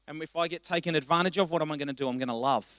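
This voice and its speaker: A male pastor preaching a passionate sermon, swinging between quiet reflection and loud exhortation. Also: a little high, racing, dry recording, clean studio sound. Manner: impassioned, rising to loud exhortation.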